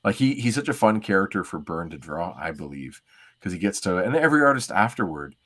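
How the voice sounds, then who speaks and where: A man chatting casually as co-host of a comic reading stream. He has a lower voice, talks in a relaxed way and breaks into laughter easily. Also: brisk.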